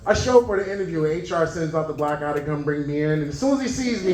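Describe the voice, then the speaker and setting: A stand-up comedian with a slightly high, expressive, darkish voice talks fast with hardly any pauses, telling stories and acting out their characters. He's on a comedy club stage with a live audience, captured by a roomy, distant recording full of crowd laughter.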